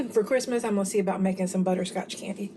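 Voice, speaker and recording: A woman gushes to her viewers about the food she's eating in a laid-back home cooking vlog, friendly and chatty with plenty of "y'all." Her middle-pitched voice moves quickly with a dark tone, and faint background noise runs beneath it.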